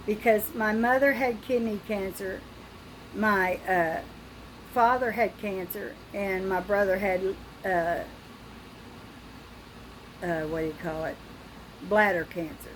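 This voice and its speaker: An older woman talking through a personal video diary, frightened and halting, with pauses and restarts. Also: medium pitch, fairly even intonation, slight background noise, poor audio. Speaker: vlogger.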